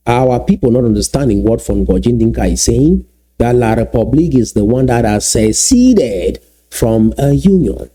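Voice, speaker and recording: A man giving solo video commentary, emphatic and repeating key phrases slowly for effect. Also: medium pitch, lively intonation, warm tone. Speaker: political commentator.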